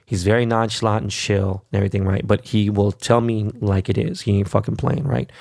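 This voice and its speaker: A man's voice: fairly low pitch, steady tone, fairly quick, vocal fry, darkish tone, no echo, clean studio sound. A man hosting a podcast in a brash, casual monologue, swearing constantly and tagging "right?" onto his sentences. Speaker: podcast host. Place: New York.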